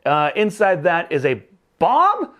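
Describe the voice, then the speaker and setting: A man's voice: a little high, wildly swooping pitch, slow, pushed and bright. A man hosting a casual movie review show, recapping the plot with jokes, exasperated asides and casual swearing.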